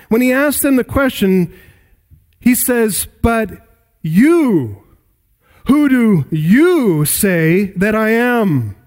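A man preaching an expository sermon, emphatic, rising loud and high on key points. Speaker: pastor.

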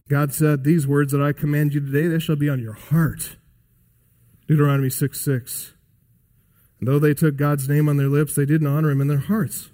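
Male pastor delivering a sermon, emphatic, poses rhetorical questions, voice a touch high. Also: mellow.

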